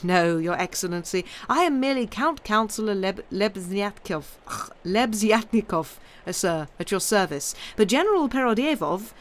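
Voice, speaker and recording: A woman's voice: mid-range voice, expressive, moderate pace, few pauses, close to an everyday voice. A woman voicing a servile male petty official who adds "sir" to everything. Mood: fawning. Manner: obsequious, adds "sir" constantly.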